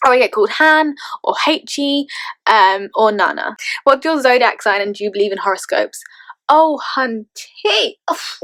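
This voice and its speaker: A woman's voice: a little high, a bit bright, dry recording. A woman in her twenties with an English accent, chatting casually and playfully as she answers tag questions for her vlog, often laughing. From England. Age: 20s. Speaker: vlogger.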